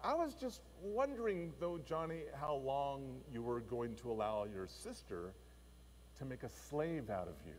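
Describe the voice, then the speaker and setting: A man voicing a kind, forgiving old grandmother who speaks gently and softly. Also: mid-range voice, sing-song, a little slow, a little hiss or hum. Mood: tender. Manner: gentle, soft-spoken. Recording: long church reverb.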